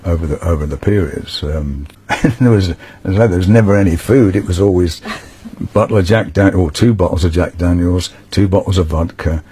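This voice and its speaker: A man recalling touring memories in an interview, halting with fillers. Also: deep voice, mellow, a little hiss or hum. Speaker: musician interviewee. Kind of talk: interview recollection.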